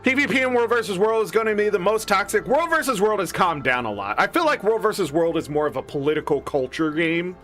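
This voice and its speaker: High, bright-voiced man ranting about gaming. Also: fast, few pauses, soft background music. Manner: profane, animated ranting with mock voices. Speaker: streamer. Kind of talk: casual gaming rant.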